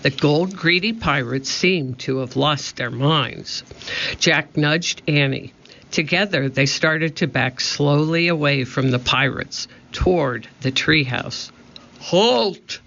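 A man narrating a children's storybook with slow, measured reading. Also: on the high side, vocal fry, pushed and bright. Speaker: audiobook narrator. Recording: dull lo-fi recording.

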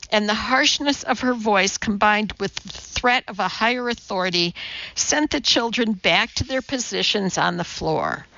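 A woman narrating an audiobook in a measured storytelling manner. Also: lowish voice, gravelly, pushed and bright, dry recording, dull audio. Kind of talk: scripted narration.

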